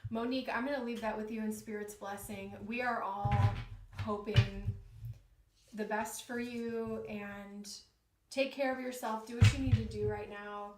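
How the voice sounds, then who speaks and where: A woman's voice: medium pitch, steady tone, measured pace. A woman giving tarot readings on a live stream, chatting with her viewers and reading their comments aloud. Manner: talks straight to her viewers as a group. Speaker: tarot reader. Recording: roomy, distant mic, faint noise.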